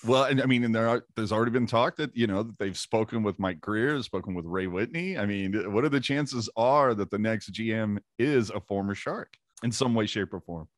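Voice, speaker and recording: A man of average pitch hosts a laid-back hockey podcast, steering the talk with questions and rattling through points in quick bursts. His voice is recorded close and dry. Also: no echo. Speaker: podcast host. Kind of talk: casual sports chat.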